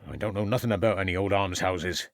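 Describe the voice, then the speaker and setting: A man voicing a surly, aggressive farmer in an audiobook, defiant, with rough rural grammar. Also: low voice, fast talker, fairly bright tone, dry recording, clean studio sound. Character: surly, aggressive male country farmer under questioning. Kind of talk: audiobook character voice.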